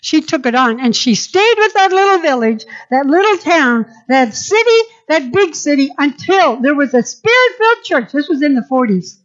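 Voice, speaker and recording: A woman's voice: high voice, sing-song, normal speed, hardly any pauses. Fervent woman preacher, lo-fi sound. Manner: fervent, repetitive, emphatic preaching. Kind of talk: sermon. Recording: dull lo-fi sound.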